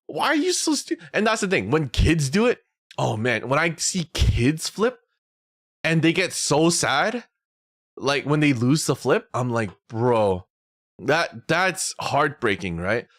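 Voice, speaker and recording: Animated young man ranting on stream. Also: a little high, a little slow, dry recording, studio quality. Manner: animated ranting, swearing, acting out quotes. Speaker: VTuber streamer. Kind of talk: casual chat stream.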